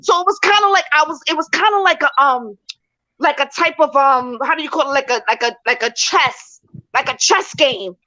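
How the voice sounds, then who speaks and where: A woman with a high, bright voice tells a personal story in a casual chat and acts out her reactions as she goes. She is from New York, and the audio sounds dull and lo-fi. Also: moderate pace. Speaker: guest.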